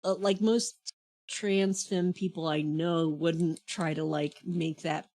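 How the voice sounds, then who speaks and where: A woman co-hosting a casual podcast, soft-spoken, laughing often and adding short agreeing sounds. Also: fairly low pitch, fairly even intonation, slow pace. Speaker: podcast co-host.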